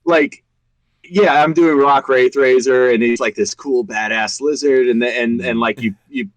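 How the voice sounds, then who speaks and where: Chatting earnestly and laughing readily, a voice actor in his 30s talks casually as a podcast guest. He speaks unhurriedly in a medium pitch, and the audio is poor but free of echo.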